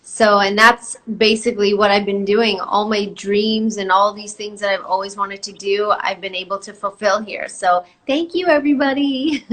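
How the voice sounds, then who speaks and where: A woman's voice: mid-range voice, steady tone, normal speed, fairly bright tone. A woman guest on a chat show over a video call, chatty and playful, laughing as she talks. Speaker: actress guest. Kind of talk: casual video-call interview.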